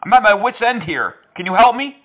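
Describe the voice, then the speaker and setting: A man's voice: high voice, animated, a little fast. A man making prank phone calls, talking in a mocking, teasing, playful way. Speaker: prank caller. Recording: tinny phone line.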